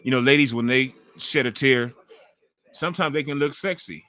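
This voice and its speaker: A man, hosting a casual live wrestling watch-along and chatting loudly with viewers. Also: mid-range voice, normal speed, clean tone, no echo. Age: 40s. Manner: loud, excitable, chatty with viewers, swears freely. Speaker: livestream host.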